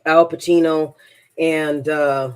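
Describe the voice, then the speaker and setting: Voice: medium pitch, little pitch movement, slow pace, clean tone. A transformational coach telling a personal story in a rambling, emphatic monologue, often repeating words.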